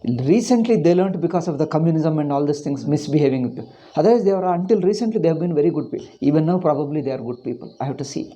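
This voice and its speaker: A man's voice: a little high, animated, fast, hardly any pauses, mellow, lo-fi sound. A man with an Indian English accent teaching a Sanskrit class, ranting with emphasis and then going through word meanings. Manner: explaining word meanings one by one. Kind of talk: informal class lecture.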